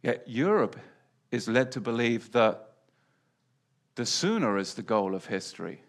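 Very animated yet measured in pace, a man with a medium-pitched voice preaches, repeating key phrases and switching between loud declarations and quiet asides.

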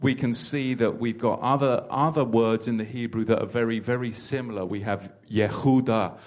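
A man hosting a religious teaching talk with a guest, his voice at an ordinary pitch for a man. He often repeats words as he works out his phrasing. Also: fairly even intonation, normal speed. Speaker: host.

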